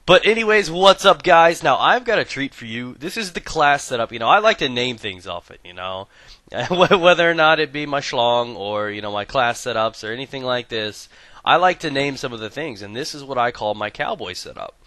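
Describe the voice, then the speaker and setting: A medium-pitched man speaks at a moderate pace with no echo. He's the host of a gaming video, telling a comic tale and describing his equipment through profane, crude banter. His delivery jumps between hushed storytelling and loud excitement as he narrates gameplay and jokes.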